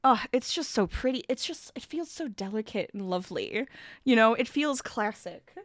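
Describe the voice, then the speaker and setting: A woman with a fairly high, animated voice runs a casual crafting stream at normal speed, chatting with viewers as she works. Still recovering from being sick, she sounds slightly scratchy, yet she reads chat aloud and laughs often. The recording is dry and close-miked.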